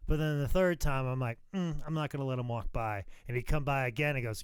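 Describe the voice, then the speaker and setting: A man co-hosting a wrestling podcast, telling animated, profane stories that swing loud. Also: mid-range voice, quick pace, clear, resonant tone, dry recording. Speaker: podcast co-host, pro wrestling worker. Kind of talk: casual podcast chat.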